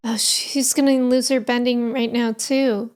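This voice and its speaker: A woman's voice: on the high side, noisy background. Emotional woman gushing over a show. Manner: expressive, gushing fan, quick to outrage and tears. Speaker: reaction video host. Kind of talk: emotional reaction commentary. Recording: show audio playing under her voice.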